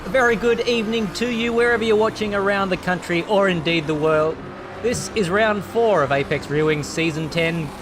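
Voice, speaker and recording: A man commentating a sim racing league race, lively and quick to laugh, on a desk microphone. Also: high-pitched, noisy background. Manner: lively, laughs often, excitable. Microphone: desk USB microphone. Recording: music playing behind.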